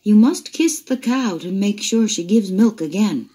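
A woman's voice: medium pitch, lively intonation, a little slow, warm tone, voice pushed up, lightly acted. A woman voicing a patient but firm mother who keeps asking the same coaxing question.

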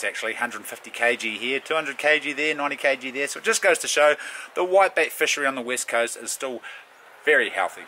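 Man, new zealand accent, middle-aged, blunt and laid-back, bright tone, faint background noise. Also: mid-range voice. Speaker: vlogger and bush guide. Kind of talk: casual vlog storytelling.

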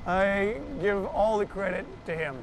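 A man being interviewed, telling a personal story in an animated way and acting out the voices of the people he quotes. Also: sits high, unhurried, crowd noise.

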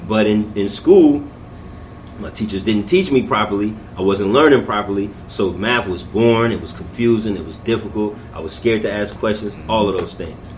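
A man's voice: lowish voice, normal speed, slight background noise. A man speaking in a reflective, plainspoken way in a casual podcast chat.

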